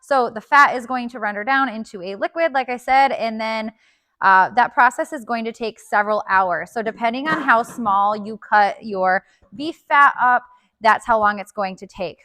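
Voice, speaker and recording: A woman explaining a kitchen task step by step in a relaxed, casual tutorial, with the odd filler. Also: fairly high pitch, normal speed. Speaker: homestead cooking instructor. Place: home kitchen.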